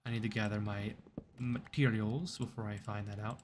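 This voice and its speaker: Speaking at normal speed in a steady, lowish voice, a gaming video creator narrates his live play at his computer desk. He jokes about himself and talks to the creatures in the game, with slight background noise present.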